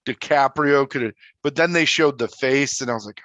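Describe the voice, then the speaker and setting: A man's voice: medium pitch, moderate pace, fairly bright tone, no room sound. A man co-hosting a podcast, talking casually about a film and acting out his own reactions. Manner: chatty, acts out his own thoughts as quotes. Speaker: podcast co-host. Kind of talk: casual movie review chat.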